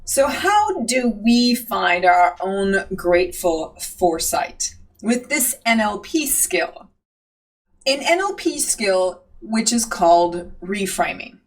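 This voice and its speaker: A woman with a fairly high voice teaches a coaching technique. she calmly poses reflective questions and guides students toward a worksheet. she sounds set back from the microphone. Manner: calm, asks reflective questions. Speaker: NLP trainer. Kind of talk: instructional teaching. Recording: voice from a distance off the mic.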